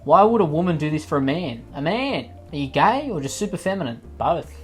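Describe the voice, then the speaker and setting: A man's voice: a little high, very animated, fairly quick, soft background music. A man doing sarcastic, mocking comedy commentary, swearing freely as he reacts to posts. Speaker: commentary YouTuber.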